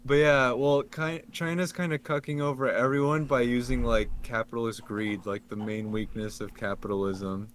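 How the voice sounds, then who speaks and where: A man's voice: mid-range voice, fairly even intonation, moderate pace, hardly any pauses, slight background noise. A young man co-hosting a podcast in casual chat, rambling and hesitant, with many ums. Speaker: podcast co-host.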